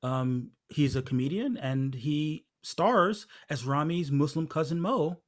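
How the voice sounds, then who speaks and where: A man's voice: fairly high pitch, unhurried. A man hosting a podcast, rambling and laughing while running through the news. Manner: rambling, laughing, trying to keep on track. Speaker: podcast host. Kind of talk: casual chat.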